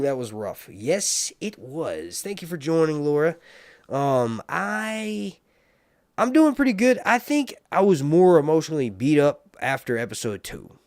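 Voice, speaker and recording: A man's voice: on the high side, darkish tone, smooth, dry recording, studio quality. A man hosting a casual live stream, rambling and joking while he reads viewer comments. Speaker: live stream host reviewing a TV series.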